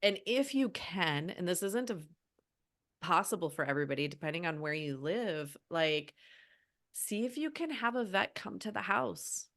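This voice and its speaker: A woman's voice: lowish voice, big pitch swings, normal speed, a bit bright. A woman guest on a podcast, an animal healer, talking earnestly and from the heart, often restarting her sentences. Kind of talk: casual podcast conversation.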